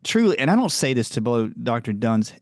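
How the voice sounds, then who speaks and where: A man from the American South hosting a podcast, chatting in a rambling, animated way and laughing often. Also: fairly quick, dry recording, clean studio sound. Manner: animated, rambling, laughs often, jumps up in pitch when telling stories. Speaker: podcast host. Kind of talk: casual chat.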